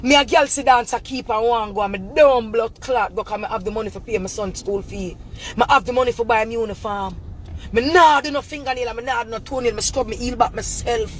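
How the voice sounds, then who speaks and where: High-voiced Jamaican woman ranting loudly. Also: slight background noise. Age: adult mother. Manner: confrontational, rapid repetitive ranting in patois; bursts into shouting. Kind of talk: ranting callout video.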